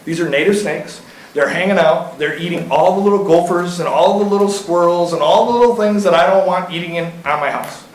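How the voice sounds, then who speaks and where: At a city council meeting, a man in his thirties from Iowa, the local reptile keeper, speaks in a chatty, folksy way, full of fillers and anecdotes, as casual storytelling. His voice is high-pitched and a little fast. The recording has the roomy sound of a council chamber.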